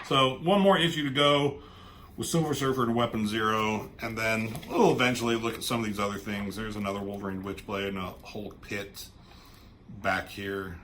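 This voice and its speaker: A man's voice: on the low side, a bit bright, a little hiss or hum. A man reviewing a comic book in casual, rambling chat, swearing offhandedly and trailing off into asides.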